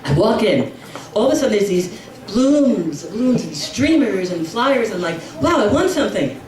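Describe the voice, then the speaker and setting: A middle-aged woman performing a brash stand-up comedy routine, now and then breaking into shrill squealing voices for her relatives. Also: very animated, normal speed, darkish tone, far from the mic. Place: comedy club. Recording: echoey club room, mic heard from afar, audience laughter. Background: crowd laughing.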